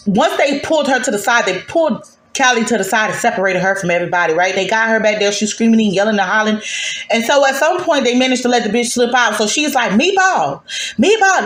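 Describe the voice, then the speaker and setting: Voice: medium pitch, echoey room. A host giving a casual gossip recap of a reality show in a sassy, profane, emphatic way.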